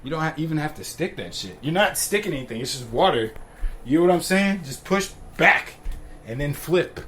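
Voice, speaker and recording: A man's voice: fairly high pitch, big pitch swings, brisk, a bit bright, slight background noise. A young man casually telling funny stories, laughing often and acting out the other people's lines. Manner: laid-back, laughs often, swears freely; acts out dialogue in shifting voices. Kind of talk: casual storytelling.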